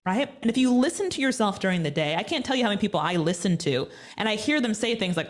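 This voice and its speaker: An energetic woman speaking as an interview guest, her voice at an ordinary middle pitch. She talks in a motivational, emphatic way, pressing her points home with conviction. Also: a little fast. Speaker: guest, media personality. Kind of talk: conversational interview.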